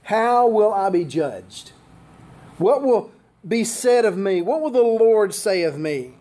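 A man's voice: sits high, animated, slow pace, warm tone. An older man preaching a sermon as pastor, driving his points home with repeated rhetorical questions.

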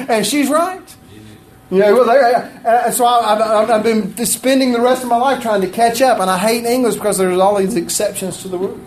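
High-voiced pastor preaching casually. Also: male voice, darkish tone, slight background noise. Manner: conversational, self-deprecating, asks the congregation questions. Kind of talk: sermon. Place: church sanctuary.

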